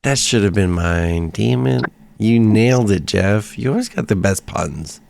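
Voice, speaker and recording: A player in casual table chat who talks slowly and hesitantly. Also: male voice, fairly low pitch, expressive, gravelly, darkish tone, dry recording.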